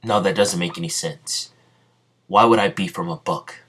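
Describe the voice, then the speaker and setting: A man's voice: sits low, normal speed, fairly bright tone. A man doing a blunt, arrogant old ninja warlord. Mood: stern. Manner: blunt, commanding, threatening. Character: arrogant ancient male ninja warlord, menacing.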